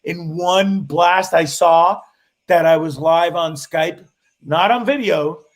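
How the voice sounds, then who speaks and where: A man's voice: on the high side, takes it slowly. A man hosting a livestream who rambles and swears as he tells a story, restarting his sentences often. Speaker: livestream host. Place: indoors in a cottage while traveling.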